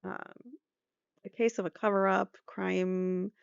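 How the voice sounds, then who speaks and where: A woman's voice: mid-range voice, level tone, takes it slowly, vocal fry, clear, resonant tone, no room sound, dull audio. A woman hosting a true crime podcast, reading an article aloud with sarcastic, chatty commentary. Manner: sarcastic, chatty, laughs at her own asides.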